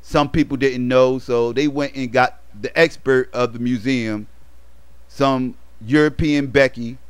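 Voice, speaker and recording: A man recaps a movie in a loose, rambling way, full of fillers and slang. His voice is smooth and clean at a middling pitch. The sound is dry, with no room around it. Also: no echo. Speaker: movie reviewer. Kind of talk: casual movie plot recap.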